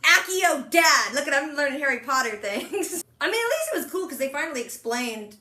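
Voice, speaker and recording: Bright high-voiced young woman recapping. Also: reverberant. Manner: animated, retells scenes with quick quoted voices. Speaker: podcast co-host recapping a TV episode. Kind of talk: casual chat.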